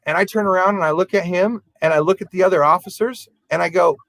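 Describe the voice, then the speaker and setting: A man, a podcast co-host, telling a story in a casual, animated way and acting out the people in it. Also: sits high, fast talker, vocal fry, few pauses, no room sound, poor audio. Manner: animated, acts out quoted voices.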